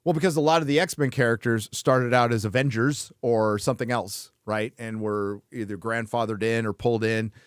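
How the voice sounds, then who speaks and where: A man's voice: mid-range voice, fairly even intonation, moderate pace, few pauses, clear, resonant tone, no room sound, clean studio sound. A man hosting a casual chat show, blunt and frequently swearing, laughing between remarks. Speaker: host.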